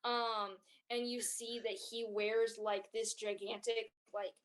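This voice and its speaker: A woman's voice: on the high side, little pitch movement, takes it slowly. A woman narrating a tabletop game as game master, rambling with lots of fillers.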